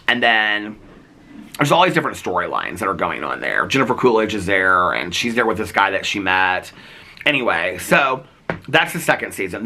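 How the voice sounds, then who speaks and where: A man's voice: fairly low pitch, bright, forceful tone. A male vlogger chatting casually, rambling earnestly and saying "like" a lot. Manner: rambling, heavy use of "like"; earnest and heartfelt. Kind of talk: casual chat.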